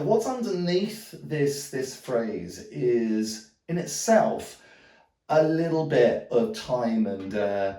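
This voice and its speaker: Relaxed man teaching djembe. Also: medium pitch, reverberant, distant mic. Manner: rambling, hedging with "sort of" and "um"; calls out drum strokes aloud while playing. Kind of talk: hands-on music lesson. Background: djembe drumming.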